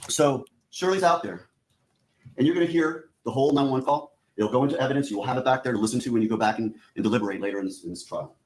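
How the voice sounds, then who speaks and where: Man, prosecutor, courtroom opening statement, speaks straight to the jury, methodical, middle pitch. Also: fast. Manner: addresses the jury directly, repeating "you're gonna".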